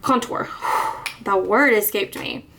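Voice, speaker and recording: Slow, creaky and sharp in tone, a woman's mid-range voice talks through a casual get-ready-with-me makeup vlog. The beauty vlogger rambles, restarts and laughs lightly, sounding slightly out of breath.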